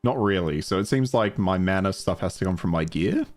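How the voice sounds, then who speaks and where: A man's voice: deep voice, lively intonation, fairly quick, darkish tone, faint music behind. A man with a mild Australian accent streaming a video game, chatting casually, thinking aloud and laughing easily. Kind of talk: casual live-stream commentary.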